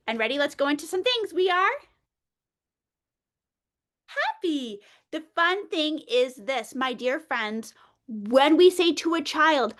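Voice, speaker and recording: A woman presenting an early childhood workshop, playful and animated, talking straight to the group like a teacher. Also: high-pitched, slow.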